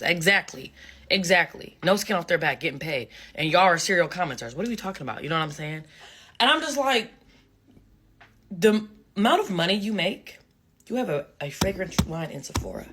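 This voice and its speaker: A woman delivers a casual commentary rant with a blunt, emphatic edge. Her voice sits a little low yet rings bright and forceful, and she drives her points home by saying them again and again. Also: breathy edge. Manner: blunt, emphatic, repeats phrases for effect. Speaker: social media commentator.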